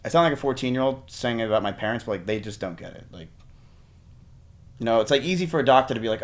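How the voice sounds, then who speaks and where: A man's voice: mid-range voice, quick pace. Young streamer guy rambling, acts out what people told him, talks in bursts. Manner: rambling, animated, mimics others mid-story. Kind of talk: candid conversation.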